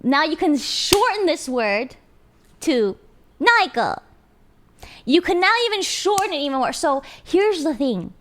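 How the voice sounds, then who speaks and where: A young adult woman streamer in casual chat with her viewers, animated and giggly. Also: high-pitched, unhurried. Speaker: live streamer.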